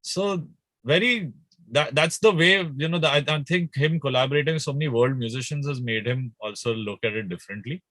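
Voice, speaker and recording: Bright, dry-sounding man chatting. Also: mid-range voice, a little fast, dry recording. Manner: animated, rambling with restarts and fillers. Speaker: guest musician. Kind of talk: casual interview chat.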